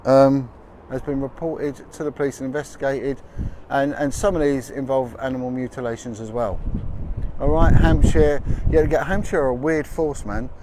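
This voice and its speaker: A man's voice: medium pitch, steady tone, normal speed. Chatty man outdoors in wind. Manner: chatty, asides, reads out figures. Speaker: livestream host. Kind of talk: casual outdoor livestream talk. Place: outdoors in windy street. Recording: noisy outdoor street recording. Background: wind, traffic and street noise.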